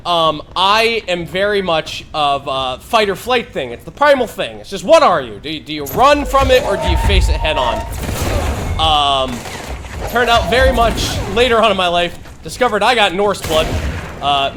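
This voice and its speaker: High bright-voiced guy rambling thru a story on stream, lots of um and swearing, faint noise behind. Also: normal speed. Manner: swears freely, rambling with many fillers, grows loud and animated. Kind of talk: casual storytelling on a live stream.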